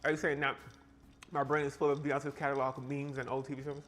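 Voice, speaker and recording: During a casual baking live-stream from his home kitchen, a man from South Carolina talks fast and playfully, firing sassy exclamations back at the chat. His voice is mid-range, level and a bit bright.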